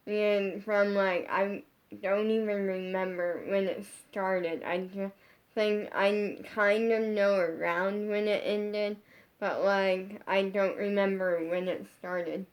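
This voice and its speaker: A woman's voice: mid-range voice, steady tone, slow. Rambling woman telling a vlog story. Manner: rambling, heavy use of 'like', frequent restarts. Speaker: social media creator. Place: her bedroom.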